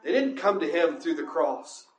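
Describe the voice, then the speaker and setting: A man's voice: fairly high pitch, lively intonation, moderate pace, reverberant, soft background music. A man preaching a sermon as pastor, building to impassioned cries, then leading a closing prayer.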